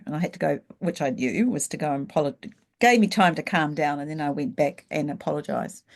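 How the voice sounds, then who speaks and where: A middle-aged woman, telling her story frankly and reflectively as an interview guest. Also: sits low. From New Zealand. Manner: frank and reflective, slows down when thinking back. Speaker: guest, leadership coach. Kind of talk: candid storytelling in a casual interview.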